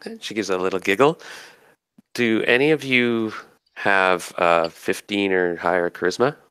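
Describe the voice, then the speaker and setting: A man narrating as game master in a tabletop game, describing scenes in an unhurried way with fillers. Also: deep voice, a bit bright, smooth, dry recording.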